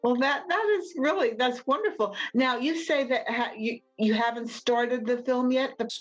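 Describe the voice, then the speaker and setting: A woman hosting an interview, reacting with quick encouraging remarks and asking follow-up questions. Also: on the high side, soft background music. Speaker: host. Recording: dull lo-fi sound.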